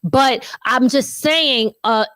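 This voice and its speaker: A woman's voice: high-pitched, slow, fairly bright tone, no room sound. A woman from the US hosting an interview, chatty and loose, laughing easily. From United States. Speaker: interview host. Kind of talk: casual interview chat.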